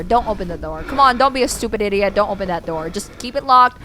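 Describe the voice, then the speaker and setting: A woman's voice: mid-range voice, lively intonation, fast, background noise. A woman streamer reacting live to scary videos, swearing and pleading with the screen. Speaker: VTuber streamer.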